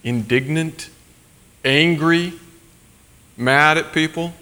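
A man's voice: fairly high pitch, slow, bright, forceful tone. A man preaching a sermon as a pastor, in a loose conversational way, with many fillers and asides such as "right?". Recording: long reverb of a large hall.

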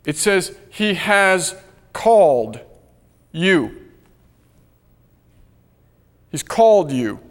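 A man preaching a sermon, earnest and emphatic, slowing down to stress key phrases. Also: high-pitched, sing-song. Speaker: pastor. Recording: long hall reverb.

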